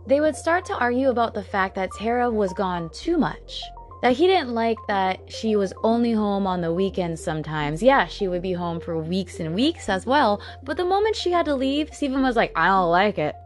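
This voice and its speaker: A woman's voice: medium pitch, animated, normal speed, soft background music. A woman casually narrating a true crime story, blunt and sarcastic, swearing in her asides.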